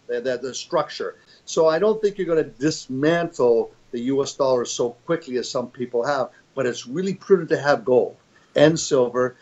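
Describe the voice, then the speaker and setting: Older man, interview guest, emphatic, rambling with restarts, mid pitch, slightly dull lo-fi sound. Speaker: interview guest, fund executive. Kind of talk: conversational interview.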